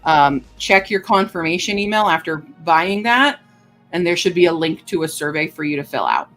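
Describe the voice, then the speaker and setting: A woman livestreamer chatting casually with her viewers, rambling and filling pauses with lots of ums and uhs. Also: fairly low pitch, animated, a bit bright, soft background music. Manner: chatty and rambling, with many fillers. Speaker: livestreamer greeting chat. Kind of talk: casual live-stream chat.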